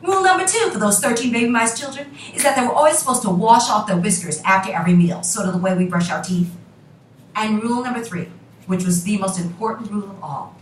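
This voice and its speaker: A woman teacher telling a children's story to her class with drawn-out repeated emphasis. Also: medium pitch, slight background noise. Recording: roomy classroom from a distance.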